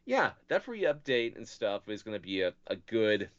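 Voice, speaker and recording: A man with a very deep voice rambles through casual podcast chat, hedging nearly every phrase with "like" and "sort of". The sound is dull and lo-fi. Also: big pitch swings, moderate pace. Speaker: podcast co-host.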